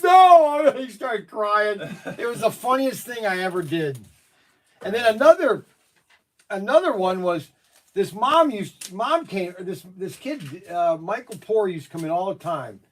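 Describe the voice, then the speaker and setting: Man, somewhat high voice, rambling storyteller, defensive in banter, shop owner chatting in a store. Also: expressive, unhurried. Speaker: hobby shop owner and show host. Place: hobby store.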